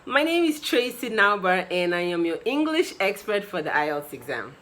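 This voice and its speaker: Woman, 30s, Nigerian accent, English teacher, bright clear voice, explanatory, emphatic rises. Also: medium pitch, very animated, moderate pace, poor audio. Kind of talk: direct-to-camera lesson.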